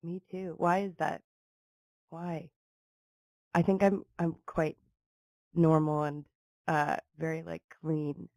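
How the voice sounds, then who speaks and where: A woman guest on a podcast, talking in a relaxed way with a tired, husky voice and dry humor. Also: low voice, slow, long pauses, no echo. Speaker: guest actress. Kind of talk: casual chat.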